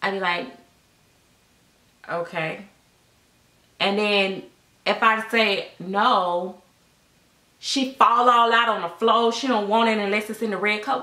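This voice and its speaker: A woman's voice: medium pitch, bright, forceful tone. A middle-aged woman telling a casual storytime at home, chatty and sassy, with a sound recorded in an echoey room. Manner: chatty, sassy, acts out voices in quotes.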